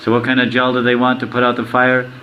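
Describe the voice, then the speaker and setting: A man teaching a sermon, quizzing his listeners and reciting verses slowly. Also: mid-range voice, completely flat delivery, highs cut off, a little hiss or hum. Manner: asks the audience questions, slowly recites verses. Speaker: spiritual teacher.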